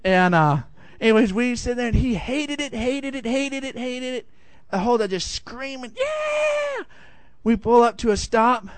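A middle-aged man preaching a sermon, telling a lively personal story and swinging high for the quoted voices. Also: moderate pace, clean tone, no echo. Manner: animated storytelling, rising high for acted quotes. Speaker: pastor.

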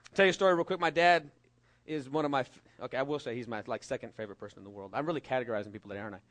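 A middle-aged man from California preaching a sermon, telling a lively story with jokes and acting out the voices of the people in it. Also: mid-range voice, racing. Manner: storytelling, animated and jokey, acts out voices. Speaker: pastor.

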